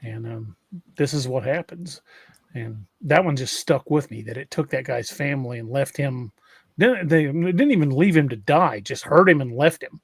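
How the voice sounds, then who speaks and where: A man's voice: mid-range voice, normal speed, gravelly, slightly rough, dry recording. A man hosting a podcast, telling stories in a casual, rambling way with many restarts. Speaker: podcast host.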